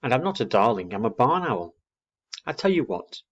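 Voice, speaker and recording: A man voicing a gentle, kindly young woman who sketches animals, speaking softly. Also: medium pitch, very animated, normal speed, lo-fi sound, voice pushed up. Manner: soft and kindly.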